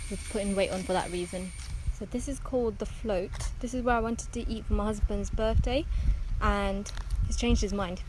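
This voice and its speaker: A woman narrating a casual travel vlog on her phone, chatty and rambling, full of asides. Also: medium pitch. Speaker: travel vlogger. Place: outdoors on holiday, rainforest and streets. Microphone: phone camera. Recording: phone audio with outdoor noise.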